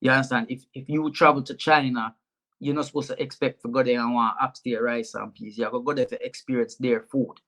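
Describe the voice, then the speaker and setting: A man's voice: medium pitch, flat delivery, a little fast, a bit bright. A young man with a Jamaican accent, a comedian guest speaking frankly and animatedly in a casual interview, often repeating words.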